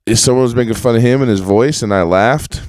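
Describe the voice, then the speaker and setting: A man's voice: mid-range voice, fast, dry recording, studio quality. A man hosting a podcast alone, telling old stories in a rambling, profane, casual way and mimicking other people's voices. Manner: profane, rambling, animated when quoting others. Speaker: podcast host. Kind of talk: casual storytelling monologue.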